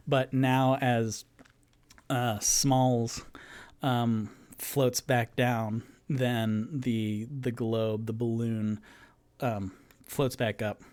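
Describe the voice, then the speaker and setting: A man narrating as game master, improvising fantasy scenes in a halting way, with many fillers and restarts. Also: medium pitch, darkish tone.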